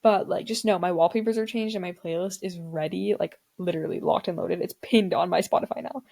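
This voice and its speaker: A woman's voice: on the low side, fairly quick, vocal fry, darkish tone. A teenage girl hosting her own podcast, chatting casually and dramatically, with lots of filler words. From Indian family background. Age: teens. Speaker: podcast host. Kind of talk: casual solo podcast chat.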